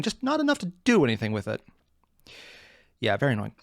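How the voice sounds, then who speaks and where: A man's voice: mid-range voice, fast talker, gravelly, dry recording, clean studio sound. A man hosting a reaction video, talking casually and sarcastically with rambling asides, self-mockery and frequent swearing. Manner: animated and sarcastic, swears freely.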